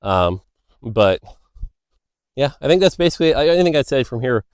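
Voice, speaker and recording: A man's voice: mid-range voice, very animated, moderate pace, darkish tone, smooth. A man in a middle register talks through game design in a loose, filler-heavy way while out walking by a road. His voice sounds dry and close, with no room echo. He drifts into side stories and keeps checking in with "right?". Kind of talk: casual Q&A monologue.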